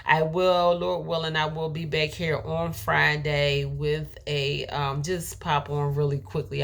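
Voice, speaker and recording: Lady with a low voice preaching self care, slow and earnest, gets emotional. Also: vocal fry. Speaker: motivational speaker. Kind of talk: faith-based motivational talk.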